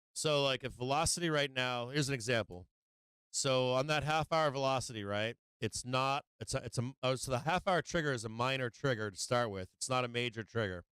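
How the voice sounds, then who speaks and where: A man's voice: medium pitch, smooth, no echo. Brash, profane man calling live trades. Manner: profane, brash, excitable trash talk. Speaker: livestream trading host. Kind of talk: live market commentary.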